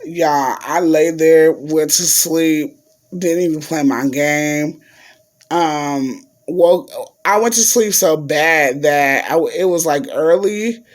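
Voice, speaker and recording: A man's voice: a little high, slow. A man vlogging in a chatty, casual way, telling a story to his viewers and calling them y'all.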